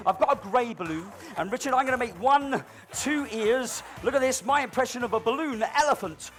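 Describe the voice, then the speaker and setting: A man doing live comedy balloon modelling on stage, teasing an audience member with cheeky, mock-dramatic patter that swings between loud announcements and low asides. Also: fairly quick, faint music behind.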